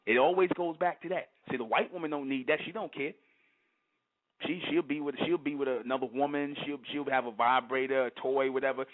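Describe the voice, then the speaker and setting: A man's voice: mid-range voice, steady tone, fairly quick. A man hosting a monologue, lecturing emphatically and firing off rhetorical questions. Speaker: host. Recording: tinny phone-line sound.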